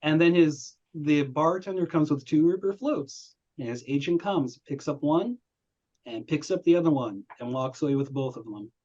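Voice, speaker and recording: Young man, fairly high-voiced, casual review host who tells animated stories and acts out the voices he quotes; the audio sounds dull and lo-fi. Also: moderate pace. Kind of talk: casual chat.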